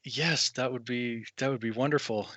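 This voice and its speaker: A man's voice: mid-range voice, steady tone, normal speed, a bit bright, dry recording, close to an everyday voice. A man voicing a grateful young village boy who stammers in awe. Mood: awed. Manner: awed, stammering gratitude.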